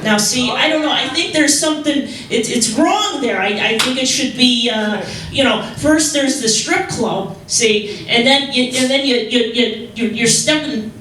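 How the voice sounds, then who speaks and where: A woman's voice: fairly high pitch, crowd noise. Rambling woman comic in an echoey club. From Chicago. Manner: rambling, halting, with repeated restarts. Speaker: stand-up comedian. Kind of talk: stand-up comedy set. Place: club stage with audience. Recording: echoey room, mic heard from far off.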